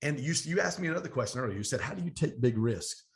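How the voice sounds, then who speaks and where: A man's voice: medium pitch, creaky. A middle-aged man, a business coach and guest on an interview show, telling stories with energy and acting out the quoted talk of others. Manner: energetic, fast storytelling with animated quoted dialogue. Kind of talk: storytelling interview.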